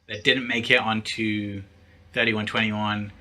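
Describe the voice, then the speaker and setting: A man's voice: lowish voice, level tone, unhurried, sharp tone. A man interviewer asking casual, somewhat hesitant questions.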